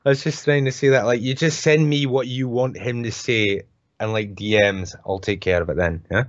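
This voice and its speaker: A man's voice: medium pitch, steady tone, normal speed, no echo. Man, podcast co-host, sarcastic, profane, casual chat, dry lo-fi mic. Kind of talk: casual live-stream podcast chat, reading news. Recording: dull dry lo-fi sound.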